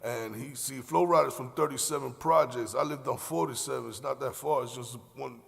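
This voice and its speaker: Podcast host, young man, gravelly voice, slangy rambling storyteller, long reverb on the recording. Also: medium pitch, steady tone, a little fast. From Miami, Florida. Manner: slangy, profane, loose rambling with many fillers. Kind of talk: casual storytelling.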